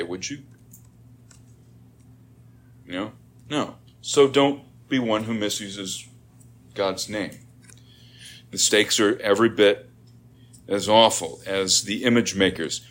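Middle-aged male preacher, lower voice, conversational sermon with emphatic rises. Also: measured pace, long pauses, a bit bright.

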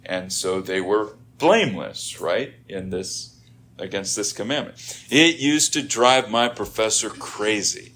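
Middle-aged male preacher, lower voice, conversational sermon with emphatic rises. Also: measured pace, fairly bright tone.

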